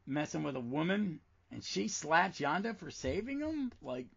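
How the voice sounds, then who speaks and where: Gravelly-voiced man chatting about comics. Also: fairly high pitch, big pitch swings, fairly bright tone. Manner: enthusiastic, reads comic dialogue aloud with slow emphasis. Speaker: podcast co-host. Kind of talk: casual chat about comics. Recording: dull lo-fi podcast audio.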